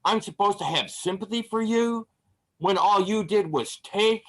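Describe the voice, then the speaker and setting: A man's voice: high voice, measured pace, fairly bright tone. A man performing profane, angry spoken word poetry at an online open mic over a video call. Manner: angry, profane, declamatory delivery.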